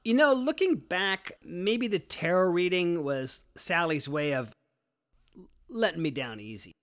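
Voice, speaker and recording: A man's voice: high voice, lively intonation, a little slow, a bit bright. A young man telling a personal story in a laid-back, slangy, wry way. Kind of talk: first-person storytelling monologue.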